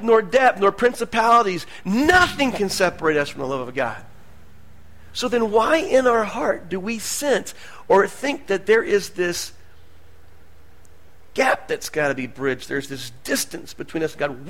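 A man preaching a sermon as pastor, moving between hushed asides and loud, emphatic lines. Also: sits high.

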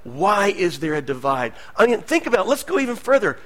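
A man preaching a sermon as pastor, moving between hushed asides and loud, emphatic lines. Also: high voice, sing-song, brisk.

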